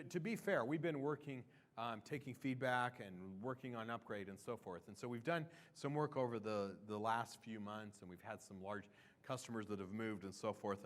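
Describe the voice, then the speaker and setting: A man's voice: fairly low pitch, fairly bright tone. A man presenting a product roadmap at a conference session, talking in a loose, conversational way with fillers and restarts. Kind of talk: conference talk.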